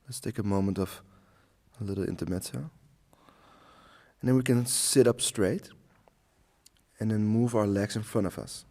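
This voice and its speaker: A man teaching a slow yoga class, guiding the poses and the breath in a calm, soothing way with long pauses. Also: on the low side. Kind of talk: guided yoga instruction.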